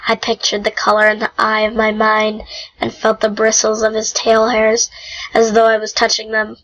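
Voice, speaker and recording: A woman reading a novel aloud in an unhurried, homemade style, with small slips and throat-clearing. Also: a little high, completely flat delivery, a bit bright, dull audio. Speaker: reader. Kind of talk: amateur audiobook reading.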